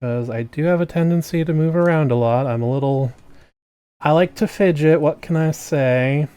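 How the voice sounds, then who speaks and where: A man's voice: on the high side, normal speed, dark tone, clean tone, no room sound. A man livestreaming while painting miniatures, chatting casually and jokingly with viewers, often trailing off mid-sentence, at a desk microphone. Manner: chatty and jokey, trails off and restarts. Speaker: streamer. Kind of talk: casual chat with stream viewers.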